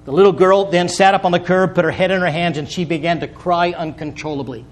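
Man, high voice, preacher, earnest sermon, emphatic peaks, folksy storytelling. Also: steady tone, quick pace.

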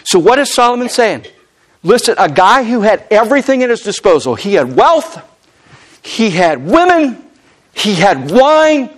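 A middle-aged man preaching a sermon as pastor, emphatic and animated, often acting out the people he quotes. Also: high-pitched, a little slow.

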